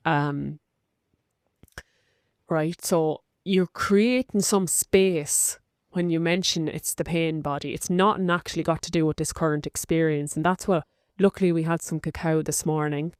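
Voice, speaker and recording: Irish woman podcaster, quite low voice, chatty and personal, lots of likes, dry close sound. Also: steady tone, measured pace, clean tone, no echo. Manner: chatty, frequent likes and rights, open and personal. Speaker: podcast host. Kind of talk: casual confessional monologue.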